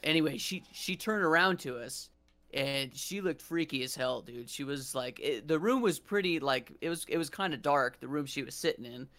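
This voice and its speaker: A man's voice: fairly high pitch, lively intonation, normal speed, sharp tone. A young adult man hosting a podcast, telling a story in a casual, rambling way and dropping "dude" often. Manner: laid-back, says "dude" often, rambling restarts. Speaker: podcast host.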